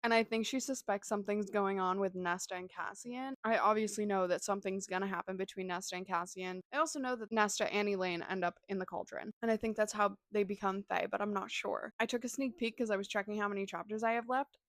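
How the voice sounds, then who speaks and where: A woman's voice: medium pitch, steady tone, fast, hardly any pauses, dry recording. A young woman vlogging about books she is reading, gushing and emotional in her reactions. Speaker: book vlogger. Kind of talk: casual reading vlog.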